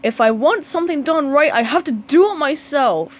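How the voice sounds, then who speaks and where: A woman's voice: high voice, animated, normal speed, voice pushed up. A woman reading a storybook aloud, voicing a grumpy, demanding male squid coach who barks orders. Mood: bossy. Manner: bossy, barking orders.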